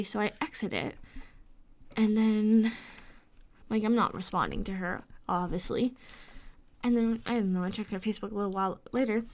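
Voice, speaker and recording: A woman's voice: mid-range voice, unhurried, pauses often, darkish tone. Sweary, sarcastic woman venting late at night. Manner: frustrated, sweary, sarcastic ranting; drops into whispers at times. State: sleepless. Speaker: vlogger.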